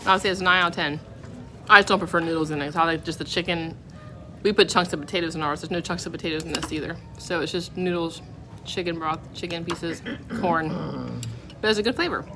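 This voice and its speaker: A woman with a fairly low voice chats through a casual food review, candid and a little picky, giving every dish a score out of ten. She is recorded at a restaurant table, and clear diner noise runs underneath. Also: fast. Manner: chatty, candid, rates each dish out of ten. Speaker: food vlogger. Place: restaurant dining room.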